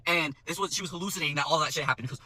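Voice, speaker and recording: A man's voice: fairly high pitch, bright, forceful tone, no echo. A young man, a restaurant server, telling a work story in a profane, exasperated rant. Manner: profane, exasperated, fast ranting.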